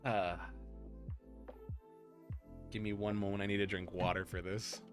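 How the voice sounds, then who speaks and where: A man hosting a casual stream chat, excitable and rambling, quick to laugh. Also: fairly low pitch, faint music behind. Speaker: streamer host.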